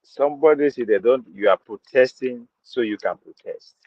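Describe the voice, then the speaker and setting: A man's voice: medium pitch, normal speed, no echo. Nigerian male podcast host, punchy opinion talk with Pidgin asides, dry muffled recording. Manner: emphatic, mixes in Pidgin, repeats phrases. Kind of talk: opinionated commentary. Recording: dull lo-fi dry sound.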